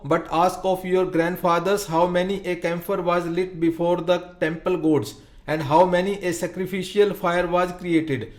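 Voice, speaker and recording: A man reading the part of an old traditionalist villager giving a solemn speech. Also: high voice. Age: older. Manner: solemn, preaching.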